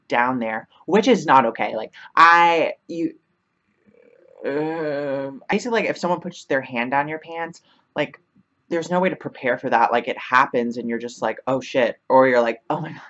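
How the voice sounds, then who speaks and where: A woman's voice: rumbling low, a little slow, fairly bright tone, lo-fi sound. A young woman vlogger telling a casual storytime, chatty, filling her talk with 'like' and laughing often.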